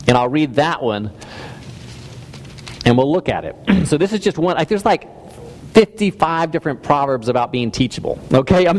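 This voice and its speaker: A man preaching a sermon in a conversational, self-deprecating way, with frequent restarts and stammers. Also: mid-range voice. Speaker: pastor. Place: church hall. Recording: reverberant hall.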